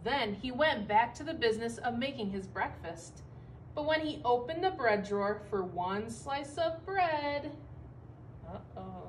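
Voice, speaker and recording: A woman teacher reads a picture book aloud for children, expressive and stopping to point things out along the way. Her voice is somewhat high. She is heard from a distance, with faint background noise. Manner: expressive, pausing to comment for young listeners.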